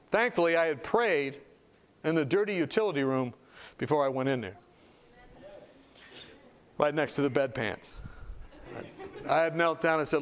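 A man preaching a sermon, telling a story with animated delivery and acted-out dialogue. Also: on the high side, normal speed, pauses often, a little hiss or hum.

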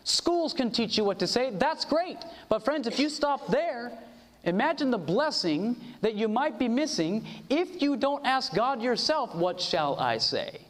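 High-voiced preacher man in a hall. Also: lively intonation, measured pace. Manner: earnest, call-and-response, quoting scripture. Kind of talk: sermon.

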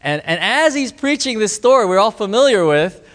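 A man telling a mission story in an animated, excitable way, laughing and acting out the people he quotes. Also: sits high, moderate pace. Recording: reverberant hall.

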